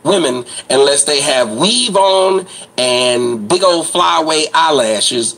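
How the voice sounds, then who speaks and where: A man's voice: a little high, animated, slow, hardly any pauses, fairly bright tone, slight background noise, poor audio. A man hosting an online commentary show, ranting in a blunt, crude, mocking way.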